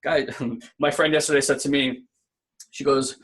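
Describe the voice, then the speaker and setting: A man's voice: mid-range voice, flat delivery, normal speed, a bit bright. A man co-hosting a casual spiritual self-help talk, earnest and conversational, often checking in with "right?". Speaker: podcast co-host.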